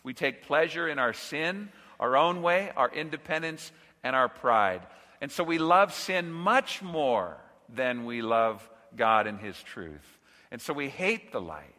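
Emphatic preacher, bright voice, echoing hall. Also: male voice, animated, unhurried. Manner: earnest, emphatic, dropping low on key phrases. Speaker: pastor. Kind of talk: expository sermon. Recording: reverberant hall.

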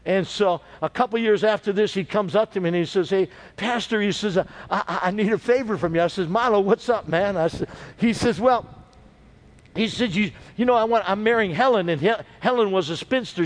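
A man's voice: sits high, moderate pace. A middle-aged man preaching as a pastor, telling stories and calling on the congregation for amens. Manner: storytelling preacher with call-and-response. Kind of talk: sermon.

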